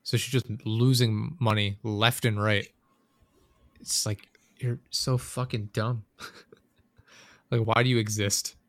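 Guy ranting casually, swears a lot, lowish voice. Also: level tone, slow pace, pauses often, a bit bright, no echo. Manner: profane, venting, rambling storyteller. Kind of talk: casual chat.

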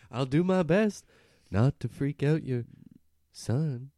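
A man's voice: medium pitch, lively intonation, very slow, dark tone, no room sound, studio quality. A man voicing a teasing, coy talking tortoise in an improvised comedy scene.

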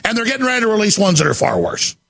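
Male talk radio host, frantic ranting delivery, bright gravelly rasp, high-pitched. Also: sing-song, very fast. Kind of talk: impassioned on-air monologue.

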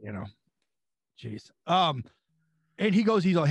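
A man's voice: on the high side, very animated, quick pace, long pauses, slightly rough. A man from California on a podcast, telling rambling, profane anecdotes in a casual chat. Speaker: wrestling guest.

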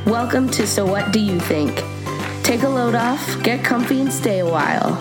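A woman's voice: on the high side, lively intonation, normal speed. Brief: friendly woman narrator for a podcast intro, music playing under her. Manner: friendly, inviting. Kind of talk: scripted show introduction.

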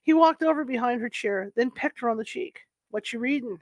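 A woman's voice: a little high, brisk, no echo. Dry close-miked woman narrator. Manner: steady reading with occasional slips and restarts. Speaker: audiobook narrator. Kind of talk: audiobook narration.

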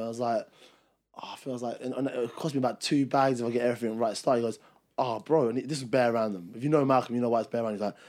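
A young man, co-hosting a podcast and telling a story in casual chat, acting out what others said. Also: medium pitch. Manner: rapid, animated, acts out quotes. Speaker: podcast co-host.

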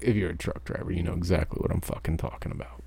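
Deep gravelly man ranting. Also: steady tone, quick pace, dark tone. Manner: profane, ranting. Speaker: truck driver. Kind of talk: podcast monologue.

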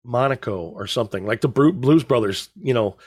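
A man's voice: mid-range voice, brisk, dry recording. Rambling middle-aged man, dry close sound. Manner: rambling storyteller, joking deadpan. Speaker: podcast co-host. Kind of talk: casual chat.

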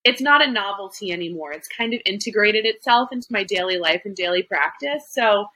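Bright-voiced chatty woman podcast host. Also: medium pitch, lively intonation, a little fast, poor audio. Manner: chatty, lots of fillers and restarts. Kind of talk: casual chat.

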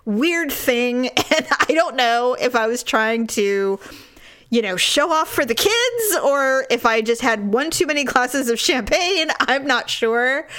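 A woman in her forties telling a story in casual chat, animated and laughing often. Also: sits high, unhurried.

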